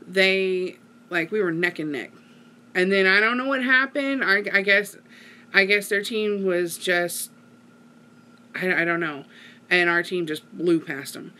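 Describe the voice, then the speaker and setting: Rambling mom vlogger, bright voice. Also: female voice, mid-range voice. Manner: rambling storytelling with many fillers. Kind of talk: casual chat to viewers.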